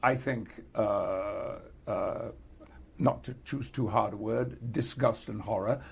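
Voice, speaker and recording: An older man with a British accent, chatting in an interview, halting with many restarts and frequent chuckles. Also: fairly low pitch, vocal fry, breathy edge. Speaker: actor being interviewed. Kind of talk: casual interview chat.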